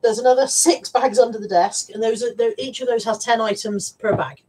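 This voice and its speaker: A woman's voice: on the high side, fairly even intonation, fairly quick, warm tone, slightly rough, rough recording. A middle-aged woman chatting casually on a live stream, reading out viewer comments and talking about her resale stock. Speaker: vlogger and reseller.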